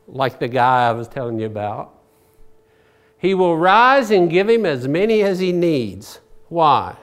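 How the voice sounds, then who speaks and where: A man's voice: sits high, wildly swooping pitch, a little slow, pauses often. Guy preaching a sermon, folksy, chatty little asides, voice bouncing all over the place. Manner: folksy storytelling with personal asides. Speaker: pastor.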